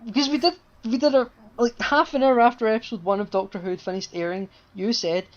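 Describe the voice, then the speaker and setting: A woman's voice: on the high side, steady tone, fast talker. A woman co-hosting a casual podcast, rambling with lots of fillers and casual swearing. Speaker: podcast co-host. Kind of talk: casual chat. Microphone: home podcast mic with a buzz. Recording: dull lo-fi home mic.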